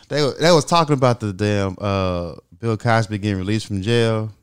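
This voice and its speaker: A man's voice: lowish voice, moderate pace, smooth. A man co-hosting a podcast, casually recounting a funny episode he heard, laughing and swearing. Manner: laid-back storytelling, laughing, swearing. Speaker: podcast co-host. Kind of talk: casual chat.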